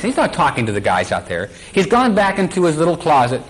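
A male Bible teacher delivering a sermon in a slightly higher voice. He keeps turning questions back to the congregation and slips into little acted voices. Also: huge pitch swings, fairly quick, a little hiss or hum, poor audio. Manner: quizzes the congregation, acts out quotes.

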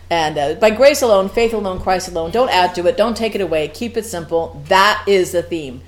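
A woman teaching a Bible sermon in a conversational, animated way, with frequent laughs and asides. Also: medium pitch.

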